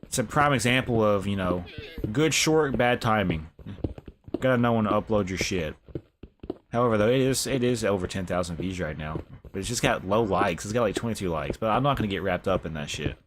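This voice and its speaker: Laid-back young streamer guy, lowish voice. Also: animated, fairly quick, slight background noise. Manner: laid-back, swears, says bro a lot. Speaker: live streamer. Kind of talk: casual gameplay commentary.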